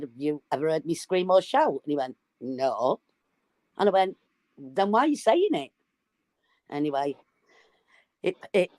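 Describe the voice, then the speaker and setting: A woman telling a story in casual chat, animated and swearing freely. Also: lowish voice, no echo. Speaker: live stream guest.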